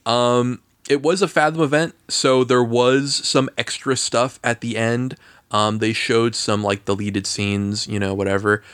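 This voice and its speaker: A man in casual chat on a podcast, telling an animated story and laughing often. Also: mid-range voice, a little slow, smooth, no room sound.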